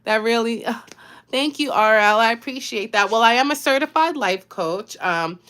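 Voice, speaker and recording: A woman life coach hosts a casual motivational live stream, encouraging her viewers and thanking them by name. Her voice is a little high and a bit bright, at a moderate pace.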